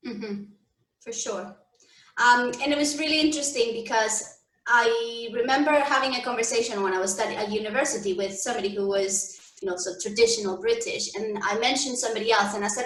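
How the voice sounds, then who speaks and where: A young Canadian woman, a guest in a conversational interview, speaks thoughtfully and hesitantly, with fillers and restarts. Her voice is a little high, bright and brisk, with lively intonation. She sounds far from the mic, a bit off-axis in an echoey room.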